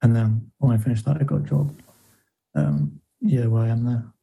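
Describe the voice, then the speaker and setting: A Welsh man chatting as a podcast guest in a casual interview. He hesitates often and fills gaps with ums and likes. His voice is very dark, with a mid pitch. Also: very animated, moderate pace, vocal fry, husky, poor audio. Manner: hesitant, lots of fillers.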